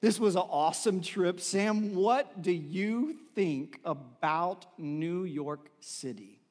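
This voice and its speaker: A man's voice: high voice, lively intonation, takes it slowly, darkish tone, in a large hall. A man preaching a sermon in a conversational, storytelling way, with filler words and restarts. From Texas. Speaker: pastor.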